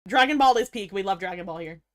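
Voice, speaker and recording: A young woman livestreams a casual chat with her viewers, cursing freely, laughing a lot, and hamming up mock outrage. Her voice is mid-range, animated, and fast.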